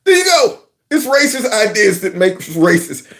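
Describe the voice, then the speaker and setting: A man's voice: sits high, big pitch swings, measured pace, fairly bright tone. A man hosting his own commentary channel, mocking a clip with sarcasm and mimicry. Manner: sarcastic, mimics voices, breaks into song.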